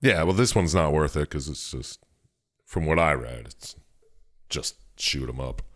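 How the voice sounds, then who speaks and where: A man with a very deep, low voice, recapping a game's story for his co-hosts. He tells it with plenty of swearing and jokes, in loose, casual chat. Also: a little slow. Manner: profane, joking storyteller. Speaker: podcast co-host.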